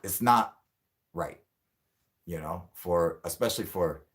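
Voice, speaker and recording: A man's voice: low-pitched, slow pace. Angry, profane man ranting. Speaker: channel host. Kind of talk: livestream rant with chat.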